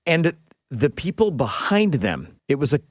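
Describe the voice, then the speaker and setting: A man's voice: on the high side, unhurried, no room sound. Chatty fortysomething man, dry close sound. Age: 40s. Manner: chatty storyteller, animated. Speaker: radio show co-host. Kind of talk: casual chat and call-in hosting.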